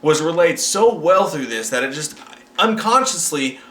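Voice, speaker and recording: A man co-hosting a casual movie review chat, his voice bright and a little high. He talks with excited energy and swears freely as he tells his stories. The room around him is echoey. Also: moderate pace, slight background noise.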